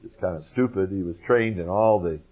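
A man's voice: sits low, a little fast. A man preaching a Bible lesson, emphatic, with folksy asides to his listeners. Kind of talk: Bible teaching. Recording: muffled lo-fi recording.

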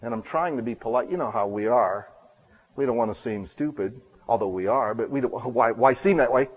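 Male pastor, sermon delivery, earnest self-deprecating storyteller, voices the dialogue, pushes to loud bursts, mid-pitched voice. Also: fairly quick, breathy edge, highs cut off.

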